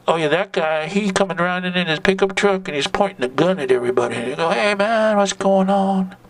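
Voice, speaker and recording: A man's voice: fairly high pitch, fairly bright tone, no room sound. A man in his sixties telling a rambling personal story in loose hippie slang, often ending phrases with "man". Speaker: narrator recalling a protest. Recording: distant mic, dry sound.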